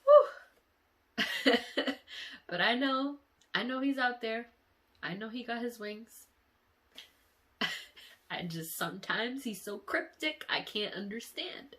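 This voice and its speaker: Woman vlogger, teary and emotional, unhurried delivery, frank and profane. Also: a little high, fairly bright tone. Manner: emotional, sighing, candid and profane. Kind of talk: casual dream-diary vlog.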